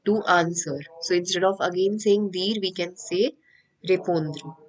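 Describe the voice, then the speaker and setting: Female teacher, Indian English accent, slightly low voice, patient and repetitive classroom delivery. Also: poor audio. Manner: patient, repeats each point slowly. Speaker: French teacher. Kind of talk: online class lecture.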